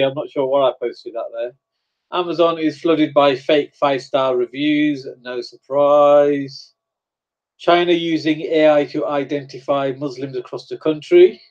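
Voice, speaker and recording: A man's voice: mid-range voice, darkish tone, highs cut off. A man hosting a live stream, chatting casually and reading viewer comments aloud as he reacts to them. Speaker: livestream host.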